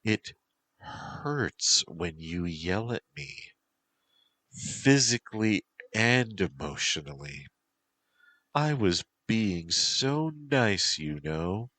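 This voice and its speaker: A man voicing a winged female yokai with a high, whistling, wheedling voice. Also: lively intonation, slow pace. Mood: hurt.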